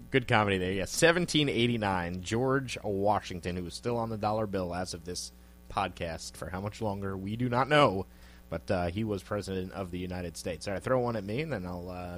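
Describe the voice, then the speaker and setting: Male podcast co-host, low voice, chatty and laughing, easygoing trivia banter. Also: a little fast. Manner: laughs often, animated, loose and joking. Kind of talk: casual podcast chat.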